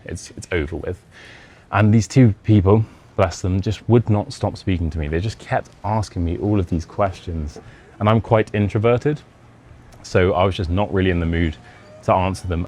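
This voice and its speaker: A man's voice: sits low, darkish tone, slight background noise. A young British man with a Modern RP accent, an English teacher casually telling a self-deprecating personal anecdote. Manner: chatty, self-deprecating, acts out quoted dialogue.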